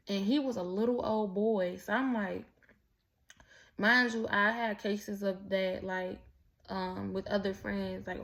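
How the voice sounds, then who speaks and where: A woman telling a personal story in a candid, profane, rambling way, full of restarts and asides. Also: medium pitch. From Mexican heritage. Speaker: vlogger. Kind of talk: casual storytelling monologue.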